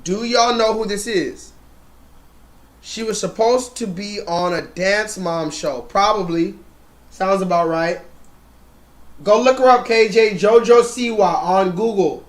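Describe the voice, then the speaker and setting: Man, very high voice, profane live-stream rant, mocking, loud. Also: slow pace. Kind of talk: ranting live stream commentary.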